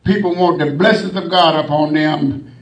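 A man preaching a sermon, working in a refrain of "glory to God" between phrases and rising to shouts. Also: fairly high pitch, steady tone, moderate pace. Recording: echoey room, mic at a distance.

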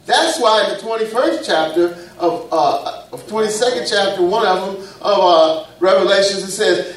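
A man's voice: high voice, moderate pace, fairly bright tone. Man, preacher, folksy and playful, very roomy church sound. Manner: call-and-response preaching, folksy and humorous. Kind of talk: sermon. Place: church sanctuary. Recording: echoey church room, mic at a distance.

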